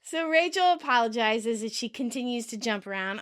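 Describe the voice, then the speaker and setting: Female podcast co-host, high, animated and unhurried, dry close mic, amused. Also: no room sound. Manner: slow, amused, laughs often. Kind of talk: casual episode recap.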